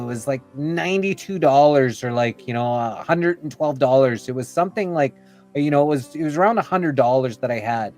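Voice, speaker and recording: On a podcast, a male guest rambles through a long story from his own life, leaning on "like" and "you know" and acting out people's lines. His voice is mid-range and a bit mellow.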